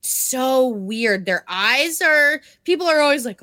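A woman's voice: high voice, slow pace. A woman co-hosting a podcast, chatting casually and retelling scenes with lots of swearing. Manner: animated storytelling, swears freely, acts out quotes. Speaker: podcast co-host. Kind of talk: casual chat recapping an anime.

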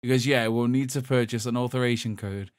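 A man from England chats on a gaming podcast. His voice sits in the middle of the range and the sound is dry and close. He tells stories in an animated way and laughs as he talks. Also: medium pitch, brisk, dry recording. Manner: animated storytelling, quoting others, laughing. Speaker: podcast host. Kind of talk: casual chat.

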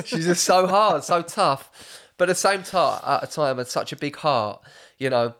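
A man's voice: a little high, animated, unhurried, fairly bright tone. A young man, hosting a casual podcast chat, rambling through stories with lots of swearing and laughter. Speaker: podcast host.

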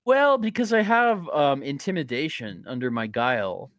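A man playing a tabletop game, talking casually and excitably, with lots of fillers and swearing. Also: mid-range voice, moderate pace, dry recording, studio quality. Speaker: player.

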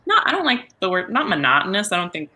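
A woman's voice: medium pitch, sing-song, fast, bright, forceful tone. A woman talking about playing a role in a casual panel chat, hunting for words with many fillers and restarts. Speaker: voice actor guest.

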